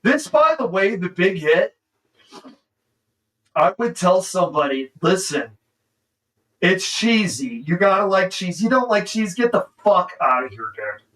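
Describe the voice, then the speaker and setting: A man with a high voice chats excitedly as he reacts to a movie on stream, throwing "dude" into almost every sentence. He sits a little back from the microphone, so his voice sounds slightly distant. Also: unhurried, long pauses. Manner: excitable, says "dude" constantly. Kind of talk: casual movie reaction commentary.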